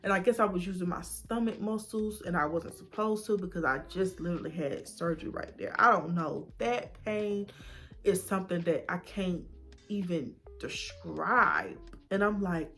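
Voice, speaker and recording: A young woman vlogger telling her own story in a casual, animated way, acting out what people said. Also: lowish voice, moderate pace, faint music behind. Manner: casual and animated, acts out voices in quotes. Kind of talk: emotional personal storytelling.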